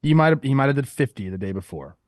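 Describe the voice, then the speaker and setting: A man co-hosting a casual sports podcast, chiming in with relaxed short comments and jokes. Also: medium pitch, quick pace, no echo, studio quality. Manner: laid-back, chimes in with short comments and jokes. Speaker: podcast co-host.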